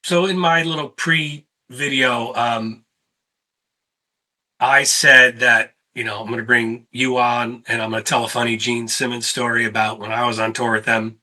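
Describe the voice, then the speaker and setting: A man hosting a casual sit-down conversation and telling lively tour stories. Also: medium pitch, normal speed, low-quality recording. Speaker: host; touring musician.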